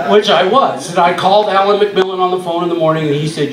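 Older guy telling a story at a club event, animated, laughing, slightly high voice, echoey and far from the mic. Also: fast talker, few pauses, a crowd in the background. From Canada. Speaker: guest speaker telling a story. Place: music club, indoors.

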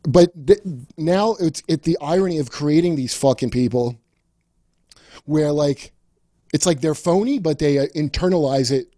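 A man's voice: on the high side, moderate pace, mellow, no echo, clean studio sound. A man hosting a comedy podcast, riffing in casual chat with a sardonic, profane edge. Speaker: podcast host.

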